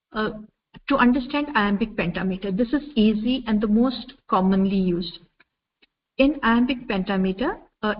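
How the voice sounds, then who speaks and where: A woman from India giving a measured university lecture over slides, explaining step by step with frequent "uh" fillers. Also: a little high. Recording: dull lo-fi recording with faint noise.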